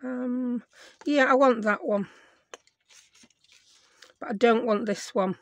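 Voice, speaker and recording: A woman hosting a crafting tutorial, her voice croaky, chatting and thinking aloud as she works at her craft desk at home. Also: fairly high pitch, slow pace, no room sound. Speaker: craft video host.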